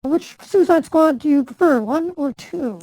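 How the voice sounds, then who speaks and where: High gravelly woman host, mellow tone. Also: expressive, a little slow, no room sound, low-quality recording. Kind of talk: casual chat.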